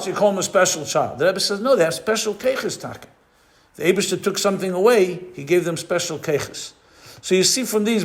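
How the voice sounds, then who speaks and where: Male rabbi, lecture delivery, somewhat high pitch, explains patiently and mixes in Hebrew and Yiddish terms while searching for words. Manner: stops often to search for the right word. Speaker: rabbi teaching a class.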